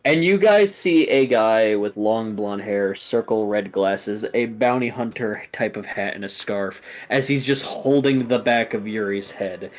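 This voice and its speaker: A man's voice: on the low side, unhurried, hardly any pauses. A man running a tabletop game as game master, narrating casually with many fillers.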